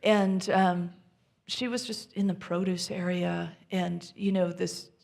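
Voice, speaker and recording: A woman minister giving a sermon in a church, speaking gently and intimately, often sinking to soft near-whispers. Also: on the low side, flat delivery, slow, creaky. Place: church sanctuary.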